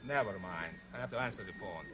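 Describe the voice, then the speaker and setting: A man's voice: lowish voice, fast talker, heavy background noise. A man hosting a horror comedy show, talking in a mock-grand, exasperated way.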